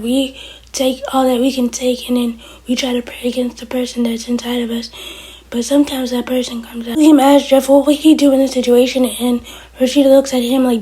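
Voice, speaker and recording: A woman's voice: high-pitched, mellow. A woman reviewing a TV episode in a casual recap, retelling each scene by quoting the characters.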